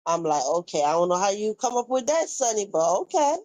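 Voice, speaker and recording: A young woman chats on a live stream, reading out viewer comments and passing along the latest gossip. Her voice sits at an ordinary middle pitch, recorded close and dry with no room sound around it. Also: very animated, brisk, a little mellow, no echo, low-quality recording. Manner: chatty, reacting to viewer comments and retelling gossip. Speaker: livestream host.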